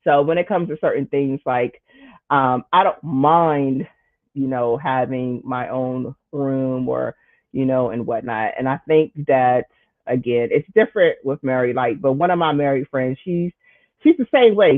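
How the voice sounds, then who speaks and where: A man hosting his own show, telling a casual story in an animated way, jumping into high, exaggerated voices when he quotes himself. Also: measured pace, no echo. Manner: lots of "like" and "you know", frequent restarts. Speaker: show host. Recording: thin phone-like sound, dry.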